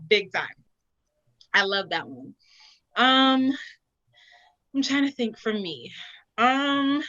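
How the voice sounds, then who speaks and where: A young woman with a bright, forceful voice talks casually and tells her stories with lively expression. The sound is dry and a little dull, like a close but lo-fi recording. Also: mid-range voice, no echo. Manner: animated, expressive storytelling. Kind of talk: casual chat.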